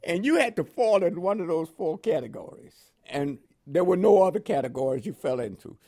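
An older man with a New York accent tinged with West Indian inflections, telling his life story in an oral history interview, animated and often chuckling. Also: sits high, a little fast. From Panama.

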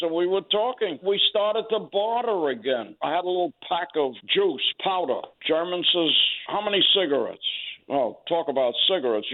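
An older man recounting his wartime memories in an interview, speaking in a plain, halting way with pauses. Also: on the high side. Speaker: veteran interviewee. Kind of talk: oral history interview. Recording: tinny phone-like line.

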